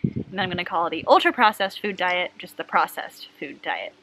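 A woman researcher casually explaining a scientific study, talking quickly and enthusiastically while lying in a hammock outdoors. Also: fairly low pitch, a little hiss or hum, poor audio. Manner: fast talker, animated and enthusiastic.

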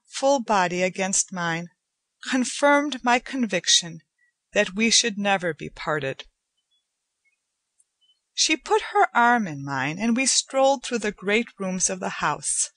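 A woman narrating a short story in a measured, unhurried storytelling manner. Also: medium pitch, a bit bright, no room sound. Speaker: audiobook narrator. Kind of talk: scripted narration.

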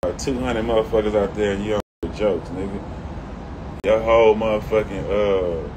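Low-voiced Houston rapper ranting casually. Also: male voice, steady tone, normal speed. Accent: Houston Texan. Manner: laid-back, slangy, profane ranting. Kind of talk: casual livestream chat. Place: outdoors on a home patio. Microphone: phone livestream. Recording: outdoor phone audio with traffic and air-conditioner noise.

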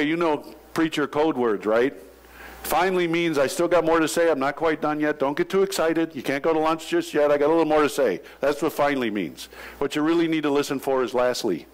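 A male pastor preaching a sermon, telling jokes and stories in an animated way. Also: on the high side, poor audio. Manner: animated storytelling with joking asides. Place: church sanctuary.

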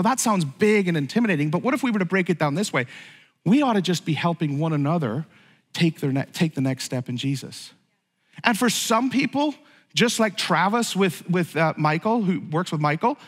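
A man's voice: high-pitched, fairly bright tone. A middle-aged man preaching a sermon to his church, talking in a conversational way that rises to fervent exclamations. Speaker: pastor. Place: church sanctuary. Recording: long reverb of a large hall.

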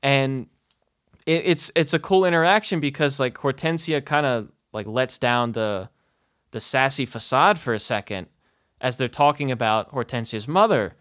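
Talking at a moderate pace in a mid-range, fairly bright voice, a man reviews a video game in a casual spoken rant. His talk is profane and padded with "like" and "you know," broken by frequent laughing asides, all in clean studio sound without echo.

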